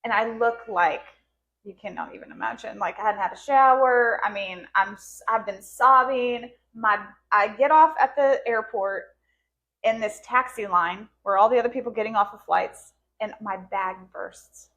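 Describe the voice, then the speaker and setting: A woman's voice: on the high side, moderate pace, fairly bright tone, highs cut off. A woman podcast host telling an emotional personal story in casual conversation, her voice rising and cracking into tearful laughter as she relives moments.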